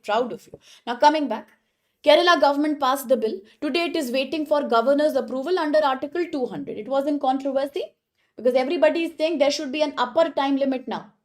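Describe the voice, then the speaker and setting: A woman with a high, light voice teaches a live online exam-prep class. She talks briskly and encouragingly, stopping often to praise students by name.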